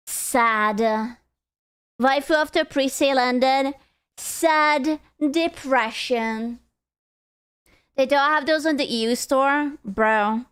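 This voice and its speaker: A woman's voice: fairly high pitch, fairly bright tone, smooth. A woman streamer chatting casually with her live chat, playful and joking, swearing freely.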